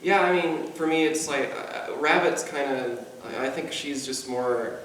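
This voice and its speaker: A man's voice: mid-range voice, measured pace, fairly bright tone, slight background noise. A man on a convention panel, talking casually with a mild natural stutter and frequent repeated words. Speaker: convention panelist, mime performer. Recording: echoey hall, far from the mic.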